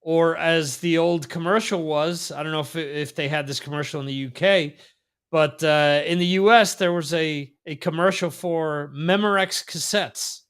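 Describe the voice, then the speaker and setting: A man's voice: fairly high pitch, fairly even intonation, moderate pace, fairly bright tone, smooth. Chatty man hosting a music talk show. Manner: rambling, laughs often, many fillers. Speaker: podcast host. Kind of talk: casual chat. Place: lives in Spain.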